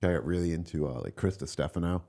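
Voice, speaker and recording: A young man from Long Island talks with a very low, deep voice. He rambles in a laid-back way as a comedian guest on a podcast, scattering fillers and swear words. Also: fast talker, vocal fry, mellow. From Long Island, New York. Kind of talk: casual podcast chat.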